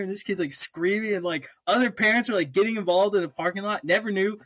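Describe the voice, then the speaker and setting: A man's voice: high-pitched, fast talker, hardly any pauses, a bit bright, dry recording. Swearing young man, dry close sound. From Oklahoma. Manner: storytelling, swears freely, restarts often. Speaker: podcast co-host. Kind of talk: casual chat.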